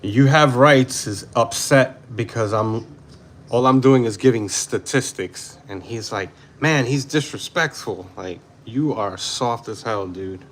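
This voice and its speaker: A man's voice: on the low side, a little slow, a little hiss or hum. A man in his forties from New York City, giving blunt casual livestream commentary and reacting to chat, sometimes slipping into Spanish phrases. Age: 40s. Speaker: livestream host.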